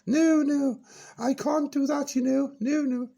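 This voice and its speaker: A man's voice: very high voice, fairly even intonation, a little slow, vocal fry, dark tone, voice pushed up, exaggerated voice. A man voicing a giddy, grand older woman on a comic radio show, giggling and swooping between "oh, yes" and "no, no". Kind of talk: comic radio character bit.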